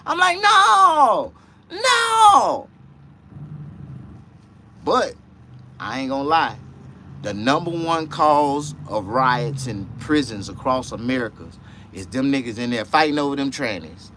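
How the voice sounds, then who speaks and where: A man hosting a casual livestream chat, rambling and profane, dropping to low mutters and jumping to high excited outbursts. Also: a little slow, a little hiss or hum. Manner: profane, rambling street talk. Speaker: livestream host.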